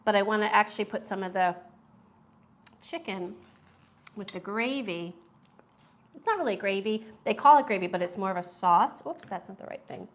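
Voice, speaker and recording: A woman's voice: mid-range voice, expressive, normal speed, pauses often. A woman hosting a casual live-stream food review, chatty and enthusiastic, reading viewer comments aloud.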